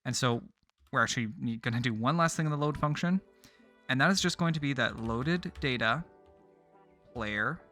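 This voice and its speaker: A man hosting a coding tutorial, calmly explaining his code step by step with casual fillers. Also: mid-range voice, normal speed, pauses often, soft background music. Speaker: tutorial host. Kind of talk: screen-recorded coding tutorial.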